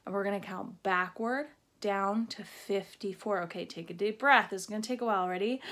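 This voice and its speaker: A woman teaching a math lesson to young children on video, playful and encouraging as she talks straight to them and counts out loud. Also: medium pitch. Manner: slow, drawn-out counting aloud.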